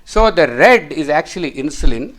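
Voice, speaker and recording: A middle-aged male physician gives a whiteboard lecture. His voice sits a little high, and he walks through the chart patiently while he draws it, repeating words to hammer a point home. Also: animated, moderate pace, fairly bright tone. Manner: explains step by step while drawing, repeats words for emphasis. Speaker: physician teaching.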